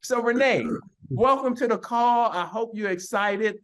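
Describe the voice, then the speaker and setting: A man leading a motivational business team call, rallying the listeners with drawn-out, preacher-like emphasis. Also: very high voice, a bit bright. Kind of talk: motivational talk on a conference call.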